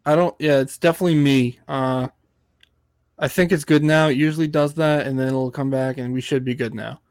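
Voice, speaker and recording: A man's voice: medium pitch, fairly even intonation, a little fast, darkish tone. A young man hosting a casual interview podcast, teasing and upbeat with his guest. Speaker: podcast host.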